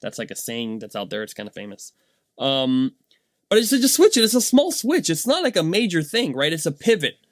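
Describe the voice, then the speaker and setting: A man, a dad, telling a casual motivational story in a rambling, animated way, tagging his points with "right?". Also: fairly high pitch, fairly quick, no echo. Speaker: vlogger and dad.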